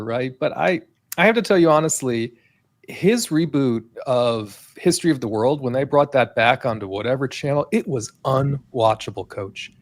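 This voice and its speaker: A man's voice: medium pitch, normal speed. A middle-aged man co-hosting a casual live stream, chatty and thanking viewers as he rambles through stories. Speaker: co-host of a pop culture live stream.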